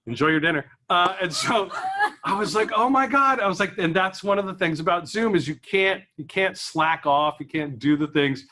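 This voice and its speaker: Bright, high-voiced rambling comedian. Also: male voice, moderate pace. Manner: rambling, chatty, laughs at his own jokes. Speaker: stand-up comedian. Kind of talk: stand-up comedy. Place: office event room.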